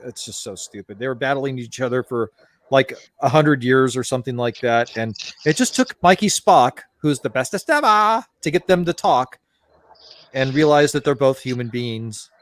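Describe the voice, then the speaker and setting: A man's voice: medium pitch, lively intonation, moderate pace, no room sound. A man hosting a casual chat, ranting in an exasperated way and swearing freely. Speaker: podcast host.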